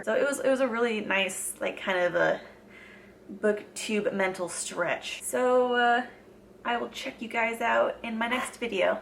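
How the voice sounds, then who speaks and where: A woman's voice: on the high side, unhurried, vocal fry, slight background noise. A young woman talking casually to camera as a book vlogger, gushing and chatty with lots of fillers.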